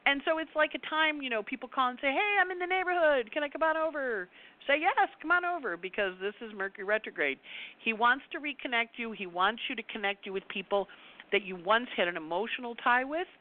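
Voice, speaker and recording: A woman astrologer giving her weekly forecast in a chatty monologue, repeating words for emphasis and telling personal anecdotes. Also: lowish voice. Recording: tinny phone-like audio.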